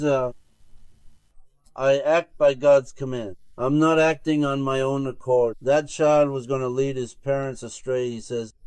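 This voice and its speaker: Male sheikh, sermon storyteller, middle pitch, dry close sound. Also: a little mellow, clear, resonant tone, no room sound. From Turkey. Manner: retells a tale with many "he says" tags. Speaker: sheikh preaching to his circle.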